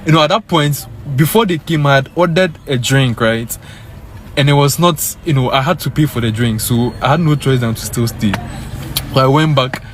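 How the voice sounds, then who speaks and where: A young man casually telling his viewers a story, animated and peppered with "guys" and "bro.". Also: medium pitch, normal speed, slight background noise. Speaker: vlogger.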